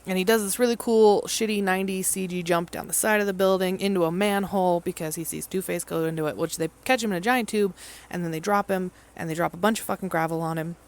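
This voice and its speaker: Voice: mid-range voice, fairly even intonation, quick pace, hardly any pauses. A movie vlogger giving a casual, rambling and profane recap of a film, mimicking the characters in mock voices.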